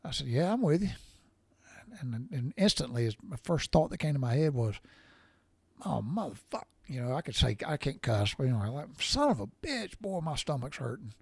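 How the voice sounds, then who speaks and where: A man's voice: medium pitch, expressive, brisk, creaky, darkish tone, husky, no room sound. A middle-aged man, casually telling a rambling, profane story while sore from recent surgery. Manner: folksy, profane, rambling with restarts. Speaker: podcast storyteller.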